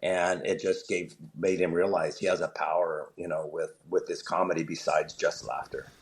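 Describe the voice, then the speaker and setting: A man's voice: sits low, normal speed. A man who is a comedian, a guest on an interview show, telling stories with energy and acting out the voices of the people in them. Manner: animated, acts out the voices of people in his stories. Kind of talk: storytelling in an interview.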